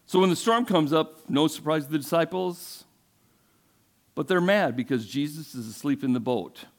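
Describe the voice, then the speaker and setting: A man's voice: a little high, animated, moderate pace. Man preaching a storytelling sermon. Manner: conversational storytelling, asks the congregation questions. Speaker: pastor.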